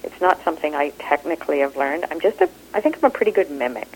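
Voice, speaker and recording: Low-voiced animated woman, phone-like sound. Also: fast, a little hiss or hum. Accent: Canadian. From Kenya. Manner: animated, expressive, laughs easily. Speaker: actor and improv teacher. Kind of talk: interview conversation.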